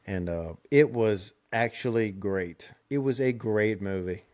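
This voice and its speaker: A man's voice: on the low side, unhurried, darkish tone. A young man, telling rambling stories in a casual podcast chat and laughing often. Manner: rambling, laid-back, laughs often, restarts. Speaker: podcast host.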